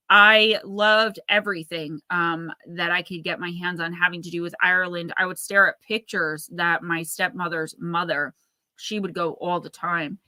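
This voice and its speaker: A woman's voice: on the low side, sharp tone, no room sound. A woman in her thirties hosting a casual livestream, rambling and chatty as she reads out viewer comments. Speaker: livestream host.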